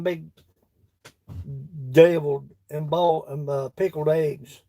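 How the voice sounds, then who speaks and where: A man's voice: a little high, steady tone, takes it slowly, gravelly, mellow, no room sound. A man with a Kentucky accent chatting casually with his livestream viewers in a folksy, laughing country drawl. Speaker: woodworking livestream host. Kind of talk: casual chat reading live comments.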